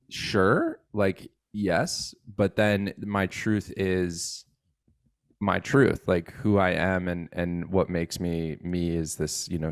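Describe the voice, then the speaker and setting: Guy with a really deep voice on a chat podcast, tells stories and does little voices. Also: no room sound, studio quality. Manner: animated storyteller who acts out quoted voices. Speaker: podcast co-host. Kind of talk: casual chat.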